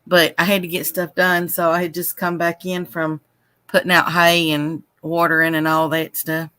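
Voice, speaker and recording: A bright-toned woman from Texas chats in a friendly, easy way. She sounds a little tired and queasy. Her voice is clear and forward. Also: fairly low pitch, monotone, moderate pace, dry recording. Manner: chatty and friendly. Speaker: caller. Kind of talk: casual chat.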